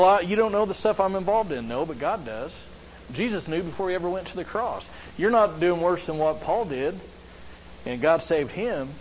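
A man preaching a sermon as a pastor, earnest, often asking the listeners questions. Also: on the high side. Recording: slightly dull lo-fi sound with faint background hiss.

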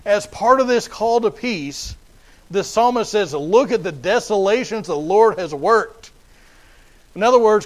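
High-voiced man preaching emphatically. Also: rough recording. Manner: emphatic and repetitive, with frequent restarts. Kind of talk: sermon.

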